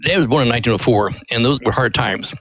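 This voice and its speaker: A middle-pitched man tells a long family story in a folksy, earnest manner. He speaks as a radio interview guest, and the recording is dry and close. No room is heard around him. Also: fast, a bit bright, no room sound, poor audio. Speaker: ministry director, guest.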